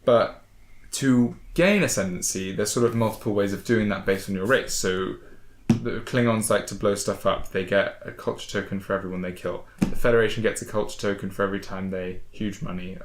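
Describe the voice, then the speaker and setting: A man's voice: fairly low pitch, a little fast, a little hiss or hum. A man hosting a casual review chat, hesitant and rambling, with many fillers and restarts. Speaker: board game channel host. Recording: echoey room.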